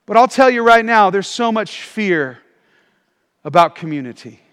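A man preaching a sermon as pastor, animated and calling for responses from the congregation. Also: sits high, moderate pace, clear, resonant tone, long reverb tail. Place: church auditorium.

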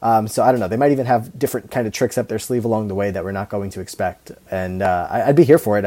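Relaxed low-voiced man rambling. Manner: relaxed, rambling with many fillers. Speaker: podcast co-host. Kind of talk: casual chat about a reality show.

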